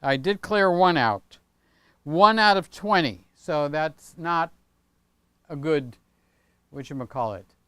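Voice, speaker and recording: Rambling older man, smooth dry voice. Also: fairly high pitch, slow pace, long pauses, bright, forceful tone, no echo. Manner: rambling, chatty, keeps tagging on "okay?". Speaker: channel host. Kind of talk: casual livestream chat. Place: home studio room with set pieces.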